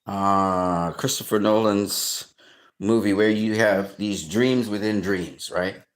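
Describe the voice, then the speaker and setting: A man in casual film commentary, excitedly retelling movie scenes, swearing often and acting out reactions. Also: fairly low pitch, takes it slowly.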